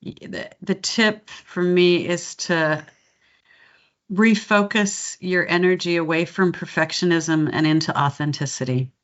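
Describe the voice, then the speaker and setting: A woman dialect coach chatting in an interview, animated and breaking into laughter mid-sentence. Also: lowish voice, unhurried. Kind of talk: casual interview chat. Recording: dull lo-fi sound.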